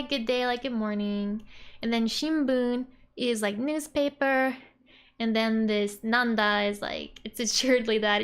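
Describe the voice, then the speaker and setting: A young woman giving a casual, chatty language lesson. She says "like" often and laughs softly between points. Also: on the high side, smooth. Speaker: Japanese language teacher.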